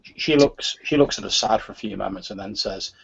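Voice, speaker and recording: Husky guy running a tabletop game, lots of sort of's, muffled lo-fi audio. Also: fairly low pitch, a little fast. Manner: hesitant, with frequent "sort of" fillers. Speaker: game master.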